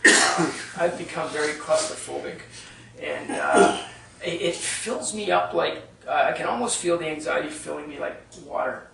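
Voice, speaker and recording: A workshop leader with a high-leaning, very animated, creaky voice tells a story at normal speed to a live audience in a retreat meeting room. He's conversational, often checking in with "right?", and the recording is very noisy and echoey, with him far from and off the mic.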